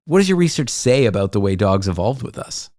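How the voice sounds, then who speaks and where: A man hosting a talk show, relaxed and playful, peppering his questions with "like". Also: lowish voice, brisk, dry recording, studio quality. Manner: relaxed and playful, with lots of filler "like"s. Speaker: radio show host. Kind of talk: casual interview and show segues.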